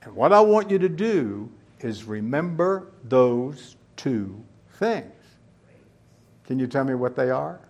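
Male preacher, unhurried delivery, teaching tone, asks the listeners questions. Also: medium pitch, big pitch swings, a little mellow. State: out of breath. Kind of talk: sermon.

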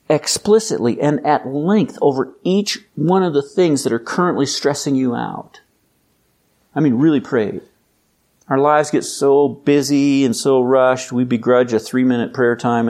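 A man preaching a sermon in a conversational, emphatic way, building up to loud, intense exhortation. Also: medium pitch. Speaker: pastor.

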